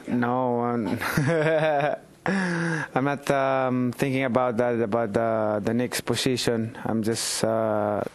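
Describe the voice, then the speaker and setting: Slow, hesitant Filipino-accented man. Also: mid-range voice, fairly even intonation. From Philippines. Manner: hesitant, many fillers and restarts. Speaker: boxer and congressman, interview guest. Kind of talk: interview answers. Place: indoors in the Philippines.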